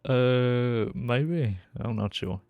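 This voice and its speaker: A man's voice: mid-range voice, drawn-out words, no echo, phone-quality sound. A man streaming a role-play game, chatting casually and laughing often as he jokes with another player. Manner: laughs often, relaxed and joking.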